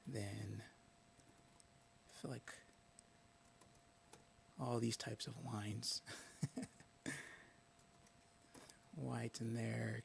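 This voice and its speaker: Gravelly man thinking aloud. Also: medium pitch, little pitch movement, drawn-out words, pauses often, a little hiss or hum. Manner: thinks aloud, muttering words to himself. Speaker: live-stream host. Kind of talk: casual live-stream talk.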